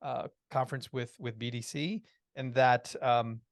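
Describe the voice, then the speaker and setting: A man telling a personal story in a lively, animated way, with many restarts. His voice sits at a middle pitch. The recording is close and dry. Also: a little slow, no room sound. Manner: lively, acts out quoted voices, restarts often. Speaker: podcast guest.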